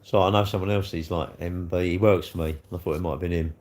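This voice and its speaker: A man chatting casually with viewers on a livestream, bantering as he reads comments, his throat a little hoarse. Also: low-pitched, steady tone, fast, darkish tone. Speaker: livestream host.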